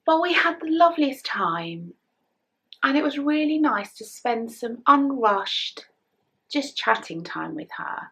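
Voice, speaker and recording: Middle-aged English woman, casual knitting vlog chat, gravelly and lively, tearful and soft-spoken. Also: high-pitched, a little slow. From England. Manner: chatty, emotional, soft-spoken, drops to whispers. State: emotional, close to tears. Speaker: knitting vlogger.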